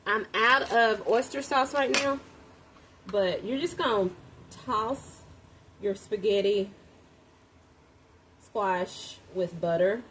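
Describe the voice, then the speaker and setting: A woman's voice: medium pitch, slow pace, pauses often. Chatty woman cooking over sizzling pan. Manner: chatty, addresses viewers as "y'all", excitable exclamations. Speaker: home cook vlogger. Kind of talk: casual cooking vlog chat. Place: home kitchen. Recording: kitchen sizzle and frying noise behind.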